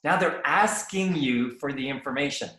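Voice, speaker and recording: A man coaching someone on sales conversations in a casual, animated way, acting out both sides of a dialogue and often checking in with "right?". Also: on the high side, normal speed. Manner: animated, acts out dialogue, frequent tag "right?". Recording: roomy echoey room.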